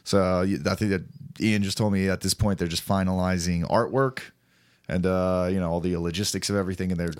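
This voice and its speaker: A man banters on a podcast, cursing and teasing his co-host. His voice sits low and the sound is dry and close. He talks loosely, like he is chatting with a friend. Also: steady tone, brisk, clean tone, dry recording. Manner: profane, jokey, bursts into loud mock voices. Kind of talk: casual banter.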